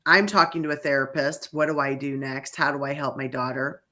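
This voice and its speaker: Expressive mother with a bright voice. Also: extremely low pitch, brisk. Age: middle-aged. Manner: expressive storyteller, mimics family voices. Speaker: podcast host, parent. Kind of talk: casual podcast chat.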